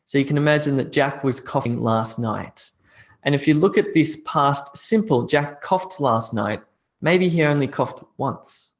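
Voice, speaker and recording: A man's voice: medium pitch, dull audio. A man teaching English grammar in a live online class, explaining step by step and reading out students' answers.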